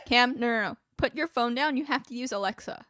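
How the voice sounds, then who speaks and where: A woman's voice: on the high side, fairly quick, fairly bright tone. A woman co-hosting a casual livestream, teasing and giggly. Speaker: co-host.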